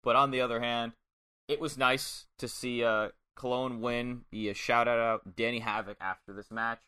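A man's voice: medium pitch, little pitch movement, normal speed, sharp tone, clear, resonant tone. A man co-hosting a podcast, speaking bluntly and enthusiastically with casual swearing into a microphone. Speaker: podcast co-host. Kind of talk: casual chat. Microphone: studio microphone.

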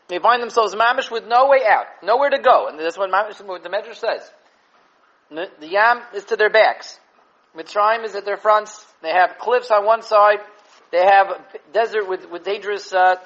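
A man giving an animated Torah class on the weekly portion, mixing Hebrew and Yiddish terms into English and repeating words as he thinks. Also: sits high, muffled recording. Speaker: Torah teacher.

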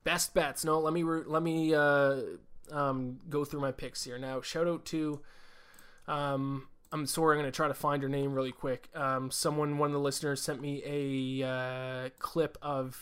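A man hosting a casual solo podcast who talks quickly and rambles, with plenty of fillers and restarts. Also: fairly high pitch, flat delivery, fairly bright tone, smooth. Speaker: podcast host.

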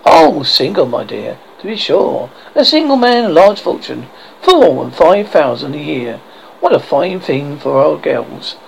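Brief: reader playing an eager, insistent mother; animated, lightly gravelly voice. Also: medium pitch, measured pace, slight background noise, exaggerated voice, poor audio. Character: fussy excitable middle-aged mother. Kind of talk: audiobook character reading.

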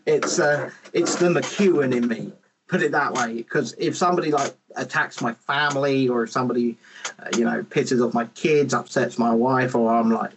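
A man hosting a casual podcast chat, animated and rambling, with lots of restarts, on a podcast microphone. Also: mid-range voice, moderate pace, noisy background.

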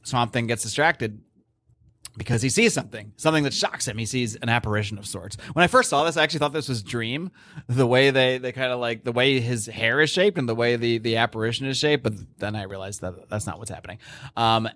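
The podcast host speaks briskly in a mid-range, fairly bright voice, captured in a dry recording. He chats casually while recapping a comic book issue, telling the plot animatedly and stumbling through many fillers and restarts.

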